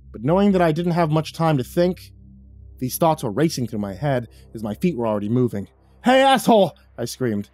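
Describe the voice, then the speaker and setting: A man narrating a first-person horror story with dramatic delivery, dropping low and soft on the grim lines. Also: dry recording.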